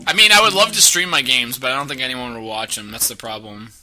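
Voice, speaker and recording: A man's voice: medium pitch, quick pace, sharp tone. A man co-hosting a casual podcast, loose and full of "like". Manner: loose, peppered with "like". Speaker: podcast co-host. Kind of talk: casual chat.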